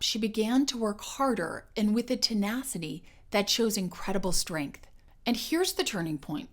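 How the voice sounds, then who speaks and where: A woman voice coach giving a scripted educational narration in a clear, measured and emphatic way. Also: mid-range voice, a bit bright.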